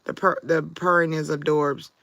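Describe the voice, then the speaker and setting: A woman with a low, creaky, fairly bright voice hosts a live tarot reading stream, delivering flatly at a moderate pace. She chats casually and answers viewers by name; the audio has no room sound and its highs are cut off.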